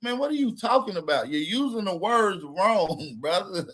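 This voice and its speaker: A man with a high voice runs a reaction commentary, talking over clips. He mocks and curses, hammering each point hard. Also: animated, normal speed, fairly bright tone. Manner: mocking, profane, emphatic. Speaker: commentary channel host.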